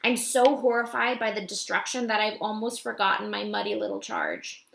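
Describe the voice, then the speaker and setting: A woman reading a first-person children's novel aloud in an expressive, wry narration, recorded with a roomy echo. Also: medium pitch, moderate pace, gravelly, a little hiss or hum. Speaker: audiobook reader.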